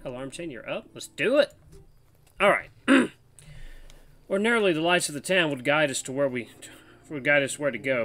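A man's voice: mid-range voice, fairly bright tone, slight background noise. A man hosting a gaming channel, upbeat and chatty with the audience, reading a visual novel's narration aloud at a desk microphone. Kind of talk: let's play commentary and story reading.

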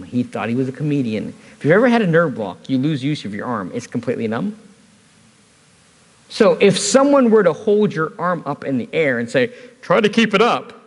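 Male preacher, conversational storyteller, slightly high and very animated delivery, long church-hall reverb. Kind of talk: sermon. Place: church service.

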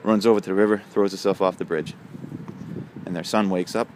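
Deep-voiced man rambling through a joke. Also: steady tone, brisk, a little mellow, a little hiss or hum. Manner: rambling, filler-heavy delivery. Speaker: vlogger telling a joke. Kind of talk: casual joke-telling.

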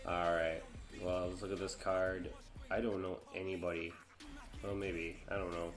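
A man's voice: sits low, level tone, moderate pace, faint music behind. A man casually commentating on his own gameplay, chatting along and groaning or exclaiming when things go wrong. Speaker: gamer.

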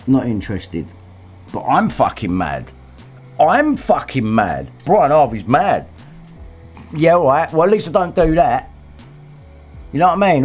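A man hosting a livestream, ranting angrily in a profane, abusive way. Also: a little high. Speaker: livestream host. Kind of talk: casual rant.

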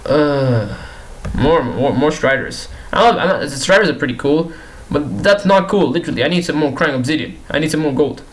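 A man's voice: on the high side, lively intonation, moderate pace, rough recording. Pleading, exasperated young man gaming. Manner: pleading and exasperated, repeats himself, talks to the game characters. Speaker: gaming YouTuber. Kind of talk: casual gameplay commentary.

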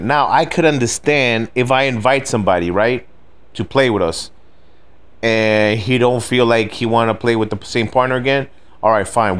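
A middle-aged man with a lowish voice tells a story in a loose, rambling rant. He swears freely and keeps dropping "you know what I mean" as he goes. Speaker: gaming video host.

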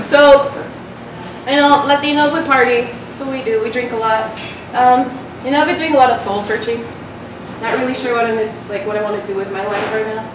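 A woman's voice: a little high, normal speed. A young woman performing a chatty, self-mocking stand-up comedy set, laughing at her own jokes in front of a small live audience. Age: young adult. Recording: echoey, distant, noisy live room recording.

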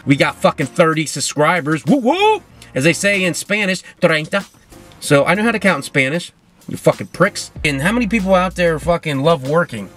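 This solo podcast rant comes from a man in his car whose fairly bright, slightly high voice moves a little fast over soft background music. Drinking as he talks, he rambles, swears a lot, and mocks himself.

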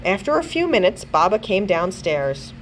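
Librarian woman reading aloud to kids; lively, expressive delivery with a faint room hiss. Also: mid-range voice, rough recording. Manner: lively, expressive storytelling with character voices; pauses to check pronunciation of words. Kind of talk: children's read-along narration.

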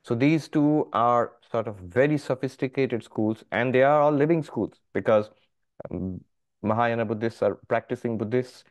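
A middle-aged man, a monk, teaching a philosophy class, explaining step by step with lively emphasis. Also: medium pitch, normal speed. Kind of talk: philosophy lecture.

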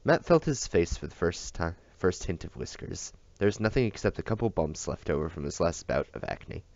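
A man reading a novel aloud at a steady pace, with small slips and restarts, on a dull, dry recording. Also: low voice, normal speed, dry recording. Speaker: audiobook reader.

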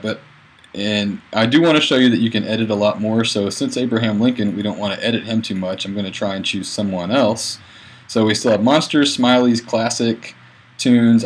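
Casting: a low-voiced male teacher for a computer-mic screencast, plain and halting. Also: low-quality recording. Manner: plain, a bit halting, narrating his clicks. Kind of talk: screencast tutorial.

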